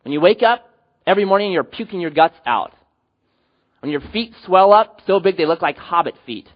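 A man preaching a sermon as pastor, animated, rising to loud emphatic peaks and dropping to quiet low endings. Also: a little fast, lo-fi sound.

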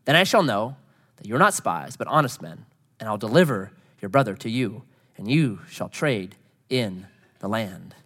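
A man's voice: lowish voice, moderate pace, slightly rough. A man preaching a sermon, retelling scripture in a conversational way and voicing the characters, laughing at his own jokes. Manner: animated, acts out quoted lines, laughs at own jokes. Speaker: pastor.

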